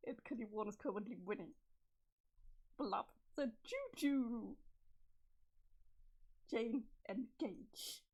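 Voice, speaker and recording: A woman's voice: fairly high pitch, slow pace, long pauses, a little mellow, breathy edge. Chatty woman reading a webcomic on stream. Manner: chatty, laughs often, swears casually. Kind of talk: casual livestream reading and commentary.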